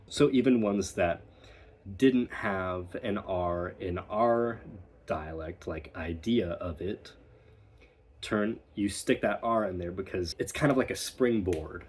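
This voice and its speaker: American man, accent coach, slow and deliberate, breathy low voice, repeats example words. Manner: demonstrates words by repeating them. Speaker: dialect coach. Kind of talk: accent lesson.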